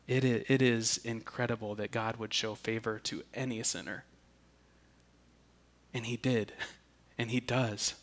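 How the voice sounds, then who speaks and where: A man preaching a sermon, deliberate and earnest, often repeating a word as he restarts. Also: medium pitch, fairly even intonation. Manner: slow and deliberate, with emphatic restarts. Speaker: pastor.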